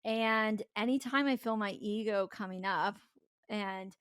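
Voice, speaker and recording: A woman's voice: medium pitch, measured pace, fairly bright tone, clear, resonant tone, dry recording. A woman guest on a podcast interview, talking candidly and animatedly and laughing often. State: tearful. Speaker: podcast guest, company founder. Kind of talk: casual conversational interview.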